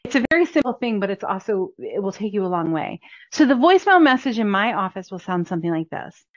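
Very animated and fast, this mid-range woman's voice belongs to an upbeat chiropractor giving chatty instructional coaching to practice owners. She drives her key points home by repeating them, all captured on a dull, dry, lo-fi recording.

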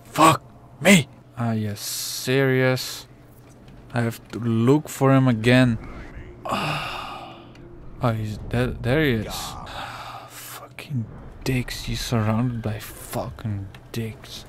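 A man's voice: mid-range voice, extremely slow, slight background noise. A man commentating his own gameplay, exasperated and swearing constantly while muttering to himself. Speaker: let's play gamer.

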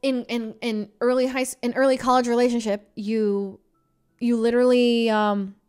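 A young woman livestreamer telling a story in a casual, animated, dramatic way into her desk mic. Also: fairly high pitch, moderate pace, clean tone, soft background music. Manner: animated, dramatic, breaks into laughs.

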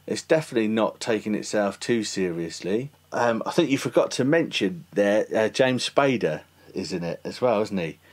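Lower-voiced man hosting a podcast. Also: animated, normal speed. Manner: chatty, self-deprecating, laughs often. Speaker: podcast host. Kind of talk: casual podcast chat.

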